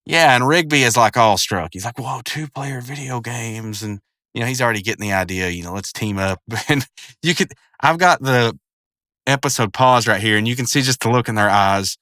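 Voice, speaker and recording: A man talking through a cartoon episode in a loose, rambling way, with lots of "uh"s and half-finished sentences. His voice is bright and crisp, at a middle pitch for a man. The sound is close and dry, with no room around it. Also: lively intonation, a little fast, no echo. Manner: rambling, many fillers and restarts. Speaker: video commentator. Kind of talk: casual episode commentary.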